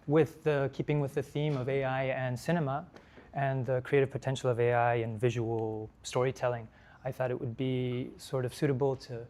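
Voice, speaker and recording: Young male lecturer, mid-pitched, halting delivery full of fillers. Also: little pitch movement, darkish tone. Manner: hesitant, many fillers and restarts. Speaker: lecture speaker. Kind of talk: conference talk. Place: lecture hall.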